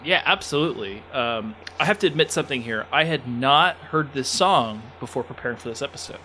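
An easygoing man co-hosting a podcast, chuckling and hesitating on fillers. His voice is bright and sharp, over a faint background hiss. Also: medium pitch, animated, brisk. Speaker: podcast co-host. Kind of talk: casual chat.

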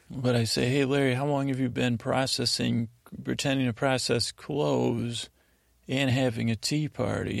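A man hosting a podcast, telling a rambling, halting bedtime story in a gravelly voice. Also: medium pitch, dry recording, clean studio sound. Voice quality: gravelly, creaky. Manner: meandering, halting, monotone delivery. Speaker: podcast host.

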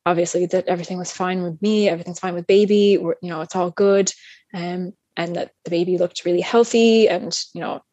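A young woman chatting casually as a guest, recounting a personal story with lively, acted-out quotes and plenty of fillers. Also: lowish voice, no echo. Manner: animated, acts out other people's lines; chatty with many fillers and restarts.

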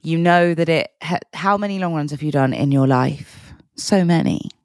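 A woman's voice: sits low, normal speed, darkish tone, dry recording. A woman co-hosting a podcast, supportive and playful, chatting casually and laughing easily. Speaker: podcast co-host. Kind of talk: casual chat. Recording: dry remote call audio.

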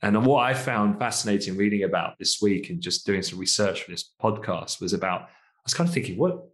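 A man's voice: lowish voice, animated, a little fast. A man from the UK co-hosting a casual finance podcast, chatty, laughing often and hedging with asides. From United Kingdom. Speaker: podcast co-host.

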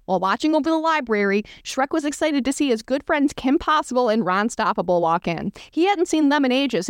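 A woman's voice: sits high, animated, fairly quick, hardly any pauses, smooth, no echo, clean studio sound. A woman podcast host reading fan fiction aloud for comedy, breaking off for self-aware asides.

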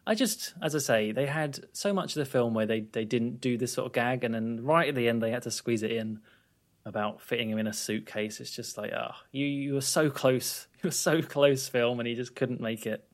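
A man's voice: medium pitch, a little fast. A man co-hosting a podcast, reacting to a film recap with jokes and easy laughter. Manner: joking reactions, laughs easily. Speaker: podcast co-host. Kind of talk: casual film discussion.

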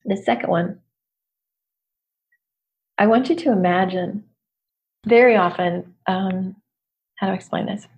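Candid, animated woman business coach. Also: medium pitch, unhurried, vocal fry, long pauses, lo-fi sound. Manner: candid, animated, self-deprecating, laughs often. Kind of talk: casual motivational talk.

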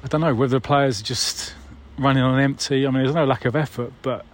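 A man's voice: medium pitch, steady tone, fast talker, a little hiss or hum. A man leaving a casual voicemail, conversational and wry, with mild swearing.

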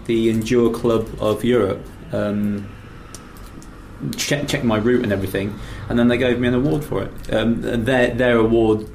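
A man's voice: fairly low pitch, a little mellow, slight background noise. A middle-aged man from England hosting a podcast, rambling through stories in a chatty, teasing way. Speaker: podcast host. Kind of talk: casual chat.

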